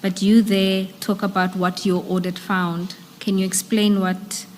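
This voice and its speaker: A woman's voice: medium pitch, flat delivery, unhurried. A woman leading evidence at a hearing, methodically working through paragraphs with hesitant fillers. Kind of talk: formal questioning at a hearing. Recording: hall reverb with faint room noise.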